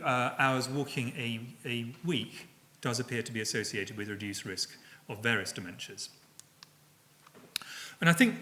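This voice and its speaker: A middle-aged man giving a public lecture, speaking in a measured way with frequent fillers and self-corrections. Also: medium pitch, a bit bright.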